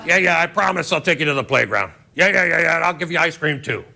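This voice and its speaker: A man voicing a gruff, hot-tempered old male politician with a gravelly, cranky, threatening way of talking. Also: fairly high pitch, fast, exaggerated voice. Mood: grumpy. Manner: cranky, threatening, deadpan self-mocking. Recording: noisy studio with loud audience laughter.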